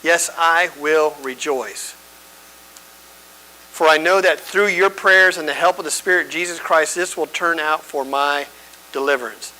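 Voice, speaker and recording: A man's voice: on the high side, a little slow, sharp tone, rough recording. A man teaching a church Bible study, conversational and emphatic, often checking in with his listeners.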